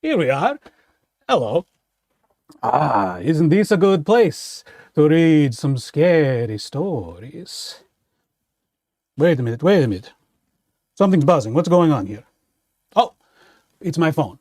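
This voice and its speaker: A man's voice: a little high, big pitch swings, takes it slowly, long pauses, darkish tone, no room sound, studio quality. Playful man hosting kids' storytime. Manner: playful, theatrical vampire host. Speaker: children's librarian playing a vampire count host. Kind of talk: storytime reading for children.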